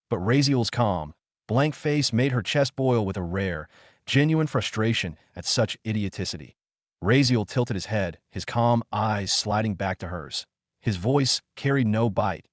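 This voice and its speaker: A man narrating a fantasy story in a steady, even storytelling manner. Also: fairly low pitch, no echo, clean studio sound. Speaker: audiobook narrator.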